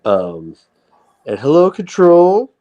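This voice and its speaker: A man's voice: fairly high pitch, sing-song, slow pace, dull audio. A man hosting a livestream, talking in a rambling, profane way with frequent restarts. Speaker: livestream host. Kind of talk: casual livestream rant.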